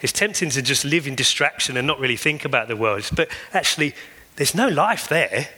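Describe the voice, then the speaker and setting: A man's voice: mid-range voice, animated, brisk, sharp tone. A man preaching a sermon as a pastor, earnest and building emphasis through repeated phrases. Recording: long hall reverb.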